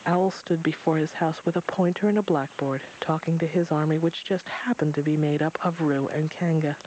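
A man narrating a storybook in a steady, expressive reading. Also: on the high side, moderate pace, a little hiss or hum, poor audio.

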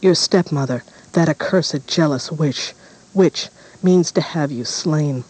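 A man's voice: on the high side, slow pace, a little mellow, slightly rough, low-quality recording. A man voicing an earnest, solemn huntsman in a storybook reading, close to his own voice. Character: earnest grown male huntsman.

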